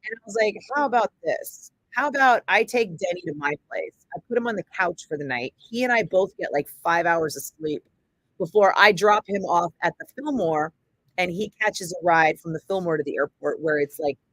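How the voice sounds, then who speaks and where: A radio host from Northern California, a woman in her forties, tells a casual story on a livestream in a fairly low-pitched voice that's still bright and forceful. She's animated, swears freely and acts out every person she quotes. The audio is rough, dry and close, with no room sound.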